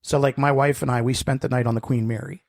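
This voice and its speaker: A man's voice: medium pitch, little pitch movement, fast talker, vocal fry. A man co-hosting a podcast, telling stories in casual chat, swearing freely and laughing easily. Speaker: podcast co-host.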